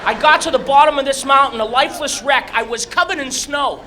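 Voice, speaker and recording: High-voiced man doing stand-up comedy. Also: fairly quick, background noise. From Massachusetts, USA. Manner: animated storytelling with shouted squeals and acted-out voices. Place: comedy club stage. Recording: live club recording with crowd. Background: audience laughter.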